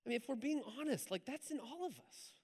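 A man preaching a sermon in church, telling a story in a lively, conversational way with asides to the congregation. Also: extremely high pitch, fast talker. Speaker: pastor. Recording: hall reverb.

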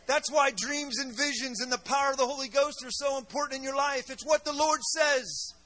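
A male guest preacher delivering a loud, emphatic revival sermon with call-and-response in a church. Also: very high-pitched, fairly quick, few pauses, soft background music. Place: church sanctuary.

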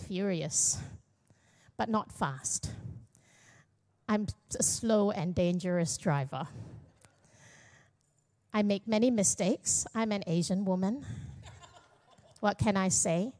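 A woman's voice: medium pitch, animated, takes it slowly, long pauses. A middle-aged woman pastor giving a candid, self-deprecating personal testimony at church, with jokes mixed in. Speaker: young adults pastor.

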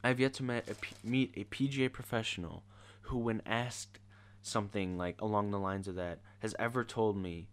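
A man's voice: fairly low pitch, normal speed. A teenage boy ranting casually in an exasperated, sarcastic way. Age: teens. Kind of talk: casual rant to camera.

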